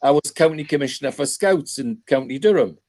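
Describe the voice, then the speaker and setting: A man's voice: medium pitch, expressive, brisk, darkish tone. An older man from North East England in casual chat, telling rambling anecdotes with chuckles and restarts. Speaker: podcast panelist.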